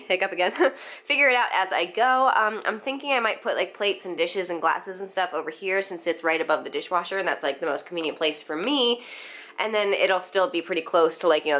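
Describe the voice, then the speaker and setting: A woman's voice: mid-range voice, a bit bright. A young woman talking casually to her vlog camera in her home kitchen, rambling with fillers and little laughs, and hiccuping now and then. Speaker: vlogger. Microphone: handheld vlogging camera.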